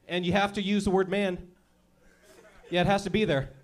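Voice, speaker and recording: A man's voice: high voice, flat delivery, moderate pace. A man doing a crude, brash stand-up comedy routine, acting out little scenes as he goes. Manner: crude, brash, acts out characters.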